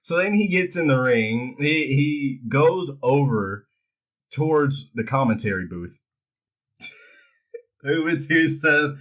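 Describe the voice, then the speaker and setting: A man's voice: on the high side, animated, takes it slowly, pauses often, fairly bright tone, low-quality recording. A man recapping a wrestling show in a casual, irreverent way, joking and swearing freely as he goes.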